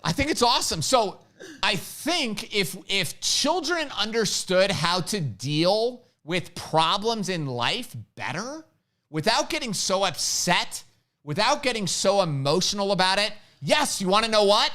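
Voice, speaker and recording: A man's voice: sits high, sing-song, a little slow, bright, forceful tone. A middle-aged man hosting a casual live-stream chat, a brash joker who tells stories and acts out the quotes. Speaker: podcast host, firearms instructor.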